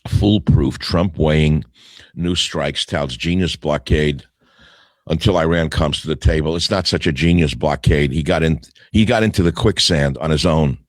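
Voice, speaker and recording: An older man with a bass voice hosts a talk radio show, reading the headlines aloud at normal speed. He answers each one with a sarcastic, scornful aside, and there's no room sound on the recording.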